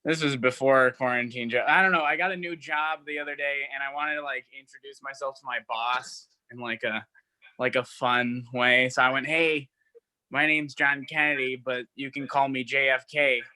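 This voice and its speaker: A man of twenty performing a stand-up set, self-deprecating and halting, with lots of fillers. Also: mid-range voice, steady tone, pushed and bright, dry recording. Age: 20s. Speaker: stand-up comic. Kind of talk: stand-up set over a video call.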